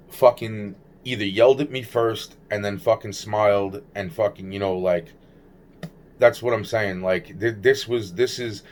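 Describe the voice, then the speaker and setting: A man telling a rambling personal story to camera, agitated and heavily profane, often restarting his sentences. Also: fairly low pitch. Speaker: vlogger recounting personal experiences.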